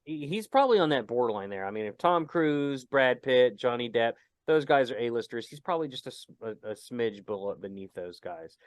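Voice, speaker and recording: A man hosts a casual podcast chat in a smooth, even-toned voice. He teases his co-host and rambles through his points with plenty of fillers. The sound is dry and close, with no room around it. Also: medium pitch, a little fast, few pauses, no echo. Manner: joking, teasing, rambling with fillers.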